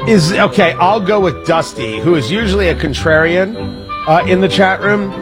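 A man's voice: high-pitched, animated, moderate pace, over music. Jokey male radio host. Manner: jokey, self-mocking, laughs often. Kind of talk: casual on-air banter.

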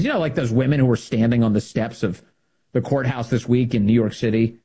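Animated husky-voiced male commentator. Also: on the low side. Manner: emphatic, animated, repeats phrases for effect. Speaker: political commentator. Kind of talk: opinionated political monologue.

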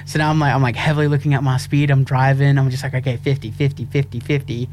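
A young man co-hosting a radio show, telling a story with animated energy and frequent laughs. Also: medium pitch, rapid-fire, slight background noise. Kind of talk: casual chat. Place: small radio studio.

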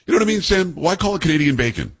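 A man's voice: on the high side, animated, very fast, fairly bright tone. A middle-aged man hosting a talk radio show, chatting and joking casually with his co-host on a studio mic. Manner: chatty, joking, self-promoting. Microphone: studio broadcast mic.

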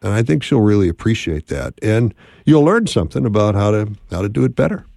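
A man's voice: on the low side, big pitch swings, quick pace, vocal fry, warm tone, no echo. A man hosting a radio call-in show and giving folksy, friendly relationship advice from the studio. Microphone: studio mic.

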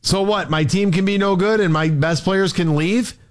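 A man's voice: sits high, steady tone, normal speed. A man hosting a morning sports radio show, ranting in exasperation with a stream of rhetorical questions. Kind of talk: heated sports talk rant.

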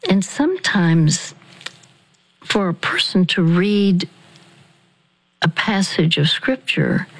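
A woman speaking on a radio ministry show, talking slowly and deliberately, repeating phrases for emphasis. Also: on the low side, poor audio. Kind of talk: radio talk with a caller.

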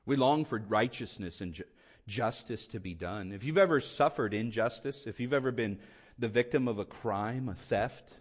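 A man preaching a sermon with impassioned swings between loud emphatic lines and quiet hushed ones. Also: fairly low pitch, normal speed. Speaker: pastor.

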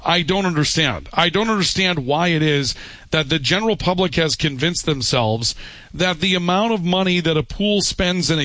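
A male radio host speaks close into a studio mic with a dry, dead sound. His voice sits a touch high, and he delivers his opinions bluntly, with a wry edge. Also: fairly bright tone, no room sound. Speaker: radio talk show host. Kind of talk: talk radio. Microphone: studio microphone.

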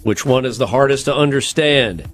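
With soft music behind him, a podcast co-host speaks in a mid-range, fairly bright voice at a moderate pace. On this comedy show he reads survey results aloud, jokes around, slips into silly voices, and laughs.

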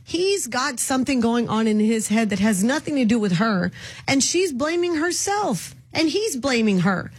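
A middle-aged woman hosts a radio talk show with outspoken, emphatic opinions. Her voice is a little high and husky. The sound is close and dry. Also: animated, normal speed, no room sound. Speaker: radio host.

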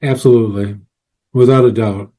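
Male guest, researcher. Relaxed, mellow tone, anecdotal, filler-heavy delivery. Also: mid-range voice, moderate pace, breathy edge. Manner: rambling, with many fillers and restarts. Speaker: guest, paranormal researcher and author. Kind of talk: casual storytelling interview.

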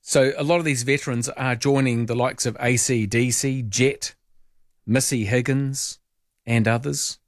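Middle-aged kiwi guy hosting radio, mid pitch, jokey mock outrage, voice shoots up on questions, dry studio sound. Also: fairly even intonation, measured pace, dry recording. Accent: New Zealand. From New Zealand. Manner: playful, indignant tongue-in-cheek asides with sudden high pitch jumps. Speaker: radio host. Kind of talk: casual talk radio chat.

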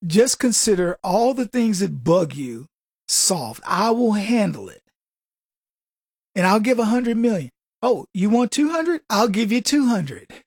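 A man's voice: sits high, very animated, unhurried, no room sound, clean studio sound. A man hosting a radio show, delivering a combative political monologue full of rhetorical questions.

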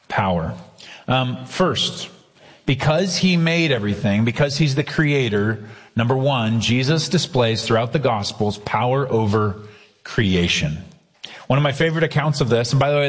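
A man preaching a sermon, earnest, slowing down hard to stress key lines. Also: mid-range voice, long reverb tail. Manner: earnest preaching with slow emphatic quotes. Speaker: pastor.

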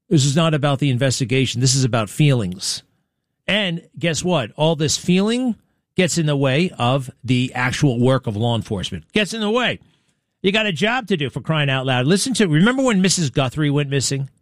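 A man's voice: mid-range voice, sing-song, fairly quick, dry recording. A man hosting a talk radio show, delivering a blunt, indignant, rambling monologue into a studio mic.

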